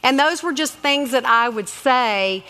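Animated middle-aged woman telling stories. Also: high-pitched, measured pace, clear, resonant tone, long reverb tail. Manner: animated, acts out quoted voices, lots of asides. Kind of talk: casual faith-based storytelling.

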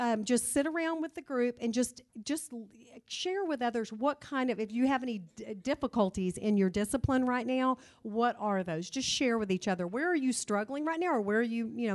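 Animated woman telling a story. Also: on the high side. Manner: animated, acts out the voices in her stories. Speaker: speaker at a moms' group. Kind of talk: storytelling talk to an audience.

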